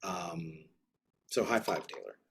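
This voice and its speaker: A man's voice: low-pitched, big pitch swings, slow pace, vocal fry, noisy background. A man teaching an online art class, giving enthusiastic, rambling, slangy feedback over a video call. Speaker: art instructor.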